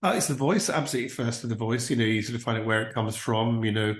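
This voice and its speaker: A man, an impressionist, chatting in an animated way in an interview and slipping into brief voices. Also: medium pitch, fast, hardly any pauses, roomy sound. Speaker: impressionist and actor, interview guest. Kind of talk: casual interview chat.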